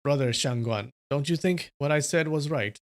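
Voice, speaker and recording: On a livestream, a man reads a wuxia novel aloud at normal speed in a natural voice. He voices a smooth male envoy from a rival sect using low, soft, ingratiating tones.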